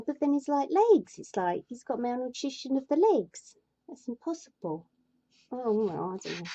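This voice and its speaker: A woman reads a fairy tale with comic, grumbling asides, often sounding exasperated and sweary. Her voice is mellow and swings widely in pitch. The recording has a dull, lo-fi sound. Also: big pitch swings, normal speed, slightly rough. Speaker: storyteller.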